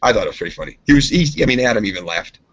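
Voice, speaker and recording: A man with a somewhat husky voice co-hosts a casual podcast. He rambles through a story, swears freely and mimics his friends. The recording sounds dull and lo-fi. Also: medium pitch, expressive, rapid-fire, a bit bright. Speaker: podcast co-host. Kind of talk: casual chat.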